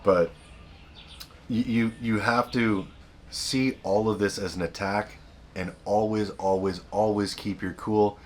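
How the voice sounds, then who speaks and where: A man's voice: lowish voice, steady tone, takes it slowly, a little hiss or hum. A man hosting a self-help video, giving blunt, repetitive, emphatic advice in a casual monologue.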